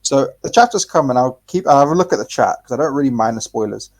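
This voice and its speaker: A man co-hosting a laid-back podcast, talking in a loose, rambling way with lots of false starts and the odd swear word. His voice sits at an ordinary middle pitch and he gets animated as he goes. It's plain, unforced chat. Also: fast. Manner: rambling, animated, swears freely, frequent restarts. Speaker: podcast co-host. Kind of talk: casual chat.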